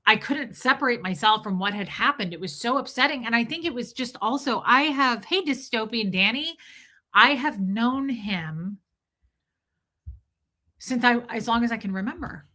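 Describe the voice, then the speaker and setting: A woman hosts a casual livestream, talking straight to her viewers and answering their comments as they come in. Her voice is bright and forward. She speaks in a chatty, emotional way, often restarting her sentences. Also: on the high side, animated, moderate pace.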